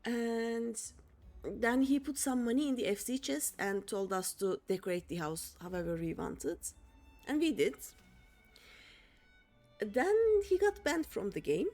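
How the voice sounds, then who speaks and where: A woman's voice: a little high, expressive, unhurried, a little mellow, faint music behind. A young woman streaming a game, chatting casually to her viewers in a rambling way with many fillers and restarts. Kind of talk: casual chat while playing a game.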